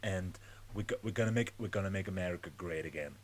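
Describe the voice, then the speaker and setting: A boastful older politician rattles off grand promises in a low, soft-spoken bluster, done by a man. The voice stays close to the performer's own still heard. It is an offhand impression, not a polished one. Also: fast talker, slight background noise, close to an everyday voice. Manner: brash campaign-promise bluster.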